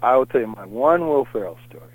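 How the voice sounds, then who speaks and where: A man's voice: medium pitch, quick pace, no room sound, phone-quality sound. A middle-aged man telling anecdotes in a casual, rambling way as an interview guest. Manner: animated, rambling anecdotes with lots of fillers.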